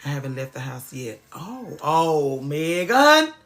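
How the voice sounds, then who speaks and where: A woman's voice: low voice, very animated, slow pace, fairly bright tone. A woman hosting a casual livestream, ranting with plenty of swearing and greeting viewers by name. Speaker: livestream host.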